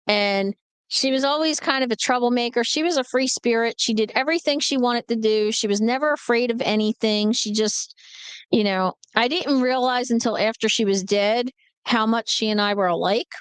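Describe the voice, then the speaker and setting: A woman's voice: fairly high pitch, moderate pace, clean tone, no room sound. Chatty blunt woman telling a story. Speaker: livestream host. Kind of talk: casual storytelling to a live chat.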